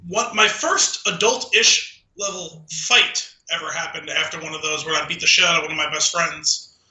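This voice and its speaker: A man's voice: a little high, normal speed, bright, forceful tone. A man co-hosting a podcast in casual chat, a rambling storyteller with dry jokes and lots of "like". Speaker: podcast co-host. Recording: roomy echo.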